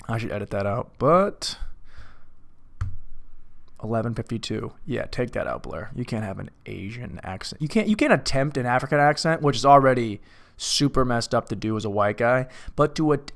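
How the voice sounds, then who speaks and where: A man with a medium-pitched, somewhat bright voice offers casual movie commentary by himself in a room. His talk meanders, full of profanity and self-mockery.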